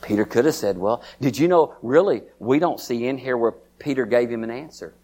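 A man preaching a sermon. His folksy delivery circles back on itself with repeated words and stray fillers. As he preaches he climbs to a high, excited pitch, calling out to his listeners by name. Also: a little fast.

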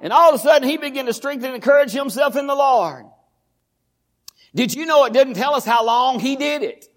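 High-voiced shouting Texan preacher. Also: male voice, brisk. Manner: fervent, often shouting, repetitive preaching cadence. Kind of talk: sermon.

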